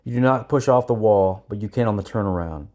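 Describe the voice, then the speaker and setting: A man's voice: fairly low pitch, fairly quick, dark tone, lightly acted. A man voicing a stern male drill sergeant who gives strong, commanding orders.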